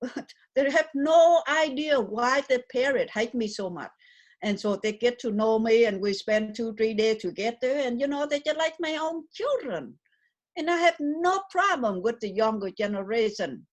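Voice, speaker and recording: A woman's voice: fairly high pitch, lively intonation, normal speed. Earnest older Vietnamese-accented woman. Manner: earnest, emphatic, broken English. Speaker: interviewee. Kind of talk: conversational interview.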